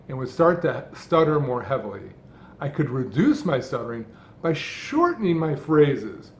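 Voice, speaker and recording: A man's voice: fairly high pitch, darkish tone, slight background noise. A man coaching on speech, talking in short, rhythmic, emphatic phrases in a scripted talk. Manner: rhythmic, deliberately phrased delivery with heavy emphasis. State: person who stutters, speaking fluently. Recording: echoey room.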